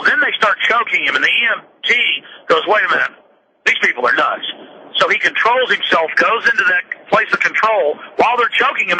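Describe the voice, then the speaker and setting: A man's voice: high voice, sharp tone, slight background noise, rough recording. A man in his thirties, hosting talk radio and ranting in a heated monologue. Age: 30s. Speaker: radio host.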